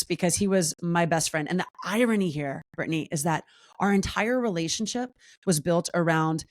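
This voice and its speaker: A woman in her forties tells her story as a podcast guest, her voice sitting on the low side. She talks candidly and with lots of life, jumping high in pitch whenever she acts out what someone said. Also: normal speed. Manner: animated, acts out quoted voices with big pitch jumps. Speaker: podcast guest, wellness coach.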